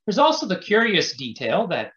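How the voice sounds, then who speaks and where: A pastor presenting an academic paper, reading his prepared text in a measured, scholarly way. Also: high-pitched, huge pitch swings, fairly bright tone, echoey room, dull audio. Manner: measured, scholarly delivery with occasional restarts.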